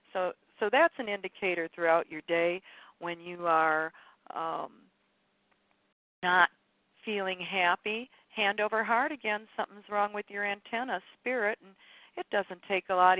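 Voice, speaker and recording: Woman, spiritual teacher, rambling self-correcting talk, lowish voice, dry room, phone-line sound. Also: no room sound. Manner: meandering and chatty, with self-corrections. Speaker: spiritual teacher leading a group call.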